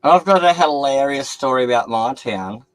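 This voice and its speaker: An Australian man with an ordinary mid-range voice chats easily and swears freely. His stories come out relaxed, like talk among mates. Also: medium pitch, normal speed, clear, resonant tone, dry recording, low-quality recording. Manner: laid-back, swearing freely. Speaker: stream co-host. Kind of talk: casual storytelling.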